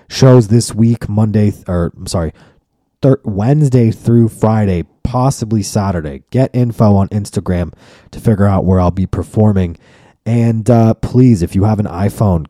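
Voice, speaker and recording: A man's voice: sits low, dark tone, no room sound, clean studio sound. A man hosting his own podcast in a casual, profane, rambling solo monologue that turns mock-preachy. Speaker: podcast host and comedian.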